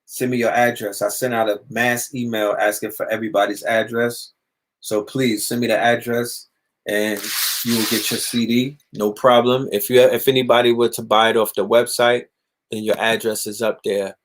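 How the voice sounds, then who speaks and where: A young man hosting a casual livestream monologue, animated and profane, sometimes mocking others in put-on voices. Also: medium pitch, moderate pace. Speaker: livestream host.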